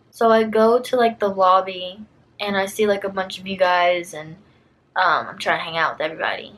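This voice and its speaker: A woman's voice: medium pitch, fairly even intonation, moderate pace, fairly bright tone, low-quality recording. A young woman YouTuber telling a personal story to camera in a storytime vlog, chatty and full of fillers, acting out what people said. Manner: chatty, many fillers, acts out quotes.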